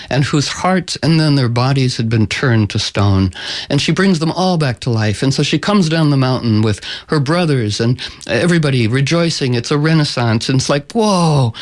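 A man retells a folktale in a casual, playful way. He drifts into asides and fillers as he goes, keeping an easy, conversational storyteller's voice. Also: medium pitch.

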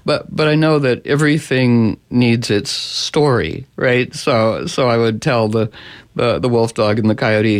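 A man's voice: on the low side, steady tone, moderate pace. A man hosting a radio show, telling rambling anecdotes in casual chat and playfully putting on voices for his animals.

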